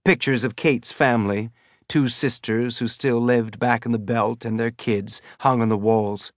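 A man's voice: medium pitch, fairly even intonation, unhurried, dry recording. Man narrating an audiobook, dry close sound.

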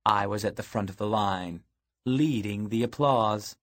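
A man's voice: on the low side, unhurried. A man narrating a first-person story aloud in a wry, matter-of-fact storytelling manner. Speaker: audiobook narrator.

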